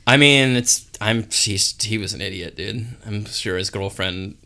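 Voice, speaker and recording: A young man with a bright, forceful voice tells a story on a casual podcast. He talks fast and swears a lot. He acts out the people in the story as he goes. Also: on the low side. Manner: profane, animated retelling with quoted voices. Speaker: podcast co-host.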